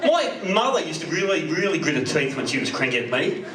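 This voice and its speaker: A man's voice: fairly high pitch, expressive, quick pace, crowd noise. An Australian man doing a stand-up comedy set at a live gig, firing off crude, punchy one-liners in laid-back slang. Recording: distant, roomy, noisy live recording.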